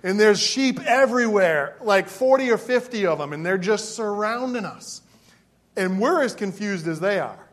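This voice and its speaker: High-voiced man preaching a story. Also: expressive, normal speed. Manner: storytelling, emphatic, with asides to the congregation. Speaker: pastor. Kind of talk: sermon with personal story.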